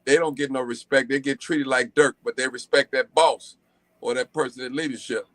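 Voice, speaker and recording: A man's voice: medium pitch, fairly even intonation, moderate pace, a bit bright, no room sound. A man joining a live stream as a guest, talking in a casual, earnest and emphatic way. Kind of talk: casual chat.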